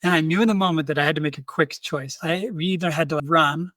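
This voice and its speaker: Animated man telling a story. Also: a little high, quick pace, dry recording. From United States. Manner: animated, acts out quoted voices. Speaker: podcast host. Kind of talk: storytelling in conversation.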